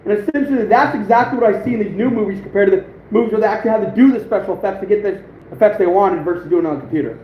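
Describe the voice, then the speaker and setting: Casual livestream host, man, 30s, high-pitched, rambling and chuckly, echoey room. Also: rapid-fire. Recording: phone-like echoey room with faint noise.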